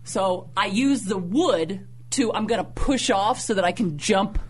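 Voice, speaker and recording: A woman co-host telling a funny personal story in casual chat, acting out her own panicked voice with high squeals. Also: measured pace, slightly rough. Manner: animated, squeals in high pitch when acting out pain. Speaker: radio show co-host.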